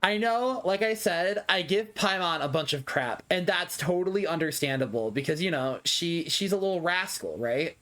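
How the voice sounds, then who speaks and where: A man's voice: sits high, normal speed, few pauses, bright, forceful tone. A young man streaming a video game live, reacting with dramatic, whiny, self-mocking commentary.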